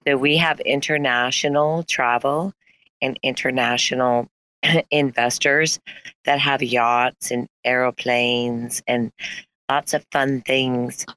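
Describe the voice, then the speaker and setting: A slick marketing officer, as a man plays him, spinning vague promises in polished corporate tones. The voice is bright and crisp, and the recording is dry and close. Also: mid-range voice, steady tone, slow, no echo, poor audio. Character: smooth-talking chief marketing officer of a dodgy company. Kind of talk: improvised comedy role-play in a live audio chat.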